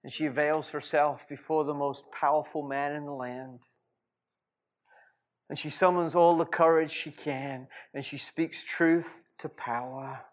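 A man preaching a sermon as a lively storyteller, with frequent laughs and rhetorical asides. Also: a little high, measured pace. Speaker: pastor.

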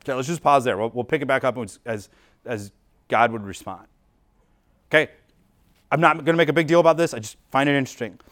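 A man's voice: mid-range voice, fast, long pauses, a bit bright. A man preaching a sermon as a pastor in an informal, explanatory way, often restarting phrases and leaning on "like" as he works through the text. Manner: casual and explanatory, frequent "like" and restarts. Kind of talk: conversational sermon.

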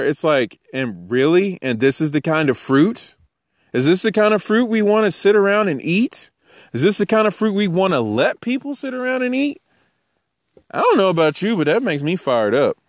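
A man preaching an informal sermon, animated and jokey, acting out the people he quotes. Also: a little high, normal speed, dry recording, clean studio sound. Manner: animated, jokey, acts out voices.

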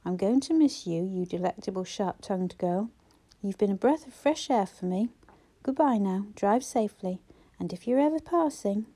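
A woman's voice: medium pitch, expressive, moderate pace, hardly any pauses, warm tone, lightly acted. A woman reading a grumpy, sardonic old man who grumbles with dry sarcasm but turns tender, in an audiobook. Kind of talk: audiobook character voice.

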